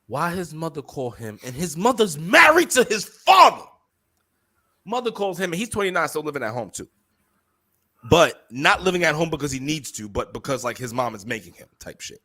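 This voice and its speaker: Co-hosting a podcast, a young man tells a story in loose, swear-filled conversation, animatedly voicing the people involved. His voice is fairly high and he speaks at a normal speed.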